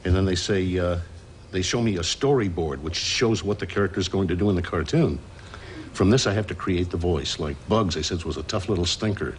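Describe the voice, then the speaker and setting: A man, a voice actor, in an archival interview, telling stories in a relaxed way with frequent chuckles. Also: low voice, a little fast, a little hiss or hum. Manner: relaxed storytelling, chuckles often.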